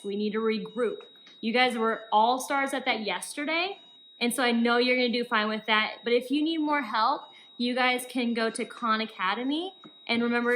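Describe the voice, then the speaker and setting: A woman's voice: fairly high pitch, fairly bright tone, slight background noise, low-quality recording. A young woman teacher giving upbeat, encouraging instructions to young children in a recorded remote lesson. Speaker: elementary school teacher.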